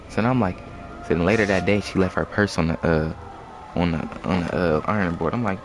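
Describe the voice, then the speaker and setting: A man's voice: deep voice, fairly even intonation, fast, a little hiss or hum. A young man telling a story in a loose, slangy, rambling way on a casual live stream. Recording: music playing behind.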